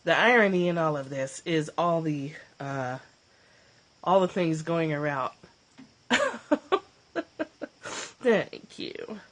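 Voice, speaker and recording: A woman hosting a casual livestream from her phone, emotional and choked up, gushing and laughing, often clearing her throat. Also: sits low, slow pace, long pauses. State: teary, choked up. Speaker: livestream host, former therapist.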